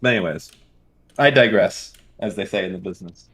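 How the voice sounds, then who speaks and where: A man's voice: deep voice, a little fast, a bit bright, breathy edge. Sardonic, profane man in casual chat. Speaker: stream co-host.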